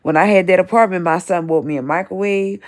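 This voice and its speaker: With a lowish voice and a slightly fast delivery, this livestream host, a woman in her 50s, rants as she reads her chat. She confronts people by name, speaks to them directly, and keeps repeating herself.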